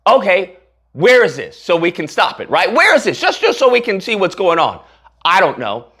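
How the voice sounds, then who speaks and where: A man's voice: high-pitched, sing-song, normal speed, sharp tone, breathy edge. A man giving heated, sarcastic political commentary as a channel host, using casual slang.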